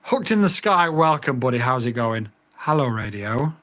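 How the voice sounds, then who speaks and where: Reviewing a drone radio in a casual vlog, a man grows exasperated and blunt, swearing and repeating the same voice commands as his patience wears thin. His pitch jumps around in a sing-song way, his tone is slightly bright, and his pace is moderate.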